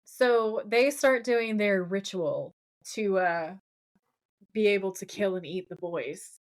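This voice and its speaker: A woman's voice: medium pitch, takes it slowly. A woman co-hosting a podcast, chatting casually and animatedly as she recaps an episode and reads out quotes from her notes. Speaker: podcast co-host.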